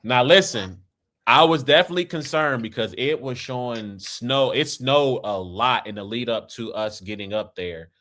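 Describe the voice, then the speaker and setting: A man's voice: mid-range voice, animated, moderate pace, a bit bright. Loose-talking American man from Kansas City. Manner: rambling and loose, with frequent "right?" and "man". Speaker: podcast host. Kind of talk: casual conversation.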